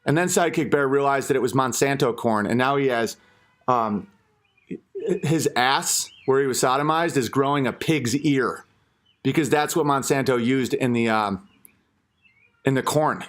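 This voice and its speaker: A man's voice: mid-range voice, moderate pace, a bit bright. A man hosting an online comedy rant, crude and mocking.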